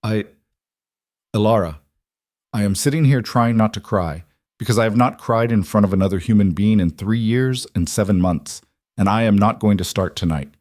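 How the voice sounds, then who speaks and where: A man's voice: on the low side, a little mellow, no echo, studio quality, close to an everyday voice. A man voicing a restrained mafia boss. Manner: halting, restrained, holding back tears. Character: hardened young mafia boss, restrained and halting. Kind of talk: audiobook dialogue reading.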